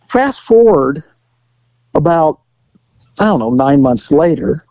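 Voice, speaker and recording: A middle-aged man, a former police officer, casually telling a story, animated, swearing, laughing and acting out the voices of the people in it. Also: a little high, takes it slowly, no room sound, rough recording. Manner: profane, laughing often.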